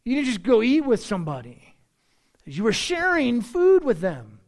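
A man's voice: very high voice, moderate pace. Guy preaching a sermon in church, voice swinging up and down a lot, cracking jokes at the crowd. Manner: animated, joking asides to the congregation. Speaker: pastor.

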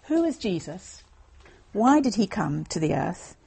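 A woman delivers an evangelistic Bible talk in an earnest, explanatory way. Her voice is warm and mellow, with a husky, breathy texture. She sits at a middling pitch for a woman. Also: very animated, a little slow. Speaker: lay speaker giving a Christian talk.

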